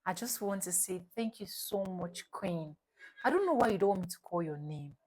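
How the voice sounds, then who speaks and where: A woman's voice: lowish voice, lively intonation, normal speed, a little mellow. A young Nigerian woman vlogging, telling a story dramatically and repeating phrases for emphasis. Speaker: YouTube vlogger. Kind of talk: storytelling vlog.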